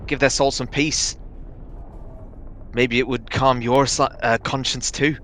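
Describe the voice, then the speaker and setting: An earnest woman field medic, as a man voices her in a tabletop game, presses a grieving officer with urgent, persuasive words. The voice is bright and edged, with a faint hum behind it. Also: mid-range voice, fairly even intonation, unhurried, close to an everyday voice. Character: earnest woman soldier-medic consoling a corporal.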